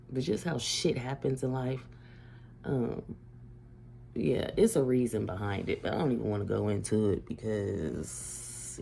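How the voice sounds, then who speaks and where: A middle-aged woman from Ohio telling a family story to camera in a casual, animated way, swearing freely and often breaking into laughter. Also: rumbling low, vocal fry, slight background noise. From Ohio, USA.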